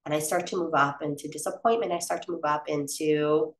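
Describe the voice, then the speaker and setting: A woman with a fairly low voice coaches listeners in an earnest, personal way, often drawing on stories from her own home. She sits back from the microphone, and her voice rings through a roomy space. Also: steady tone, a little fast, distant mic. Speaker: wellness coach. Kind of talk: coaching talk.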